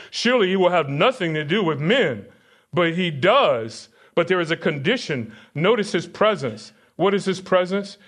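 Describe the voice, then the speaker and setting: A man with a somewhat high voice preaching a sermon in church. He reads scripture out and keeps asking his congregation questions as he teaches. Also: fairly bright tone. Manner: teaching with questions to the congregation, reading verses aloud. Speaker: pastor. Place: church sanctuary.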